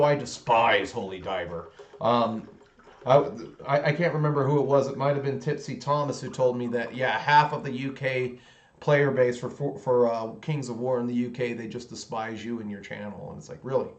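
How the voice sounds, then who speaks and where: A man's voice: mid-range voice, dull audio. A man hosting a hobby livestream in casual chat. He is rambling and blunt, with many restarts. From United States. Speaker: hobby channel host.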